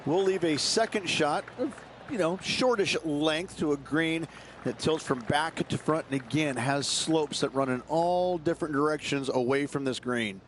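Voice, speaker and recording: A man's voice: fairly high pitch, moderate pace, a little hiss or hum. A man giving chatty, easygoing golf color commentary, laughing often as he explains the holes.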